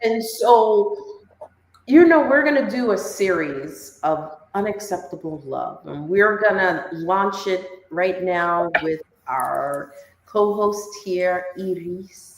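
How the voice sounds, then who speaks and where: An animated woman co-hosting a chatty podcast, acting out the voices in her stories. Her pitch swings widely and she talks at an unhurried pace. The room around her sounds echoey. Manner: animated storyteller acting out dialogue. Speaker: podcast co-host. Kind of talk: casual chat.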